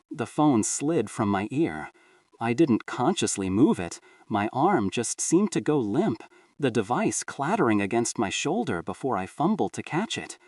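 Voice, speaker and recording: Man narrating a horror story, expressive. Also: mid-range voice, measured pace, no echo, studio quality, distant mic. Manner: dramatic, expressive reading.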